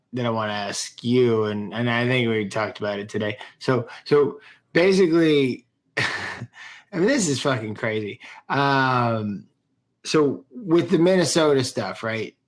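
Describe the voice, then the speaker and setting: Man, casual podcast host, mid pitch, loose rambling delivery. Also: a little slow. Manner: loose, rambling, swears casually, frequent restarts.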